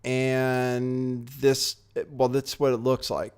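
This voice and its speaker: A man's voice: medium pitch, monotone, slow pace, a little mellow, smooth. A man hosting a casual commentary show, talking in a sardonic, rambling way with offhand asides. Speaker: host. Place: home studio, California.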